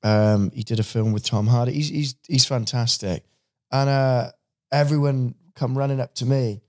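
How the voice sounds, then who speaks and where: A man tells anecdotes in a relaxed podcast chat. He jumps into other people's voices as he goes and swears casually. His pitch sits in the middle. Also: moderate pace. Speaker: podcast guest, voice actor.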